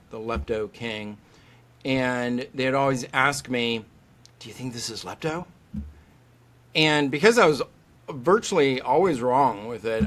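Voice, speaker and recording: A middle-aged man, a veterinary specialist, talking as a guest on a podcast and acting out the voices of people he quotes. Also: mid-range voice. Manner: animated storyteller, acts out quoted voices. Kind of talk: podcast interview.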